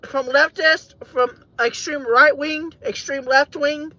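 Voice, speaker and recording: A woman vlogging in a car, talking in an emotional, halting, rambling way, repeating herself and saying "man" a lot. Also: high-pitched, steady tone, sharp tone, dry recording. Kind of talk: emotional off-the-cuff monologue. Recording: dull, dry lo-fi audio.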